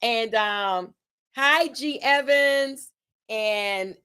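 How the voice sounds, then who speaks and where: A woman's voice: on the high side, drawn-out words, sharp tone, smooth. A woman from Tampa, Florida, hosting a casual livestream, chatting to her audience, reading out event details with fillers and self-corrections, and hyping the crowd with call-and-response. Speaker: host and event organizer.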